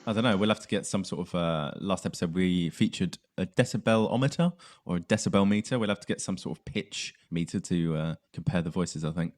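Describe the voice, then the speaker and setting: A man's voice: low-pitched, fairly quick, hardly any pauses, darkish tone. A man with a southern English accent hosting a podcast in casual chat, laughing often. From south of England. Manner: laughs often, puts on silly voices. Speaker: podcast host.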